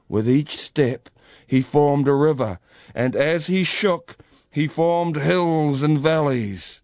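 A man's voice: mid-range voice, slow, a little mellow, dry recording, studio quality. A man telling a legend aloud in a dramatic storybook reading. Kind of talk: storybook narration.

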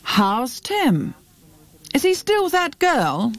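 A woman voicing an excitable female friend, speaking high and breathless. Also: takes it slowly, heavily acted. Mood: chatty.

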